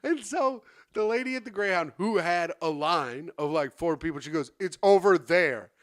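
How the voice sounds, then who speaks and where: A man's voice: fairly high pitch, normal speed, fairly bright tone, no room sound, studio quality. A man co-hosting a comedy podcast, telling a long, rambling story and acting out the other people in it. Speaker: podcast co-host. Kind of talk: casual comedy podcast chat.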